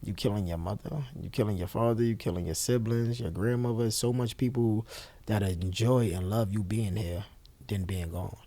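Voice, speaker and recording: As an interview guest, a young man tells a personal story bluntly and candidly, swearing along the way and acting out dialogue with quick changes of voice. His voice is on the low side and mellow.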